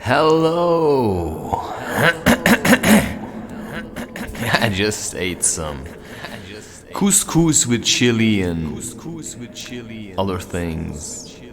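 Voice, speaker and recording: Slow-talking man rambling on a night walk. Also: deep voice, big pitch swings. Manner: meandering, self-interrupting, talks while walking. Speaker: vlogger. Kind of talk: rambling spiritual musing. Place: forest at night, outdoors. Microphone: handheld camera.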